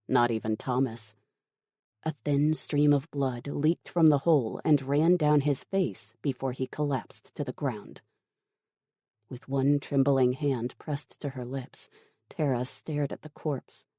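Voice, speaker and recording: An audiobook narrator reading a thriller in a measured, dramatic storytelling manner. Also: mid-range voice, steady tone, mellow, no echo, studio quality.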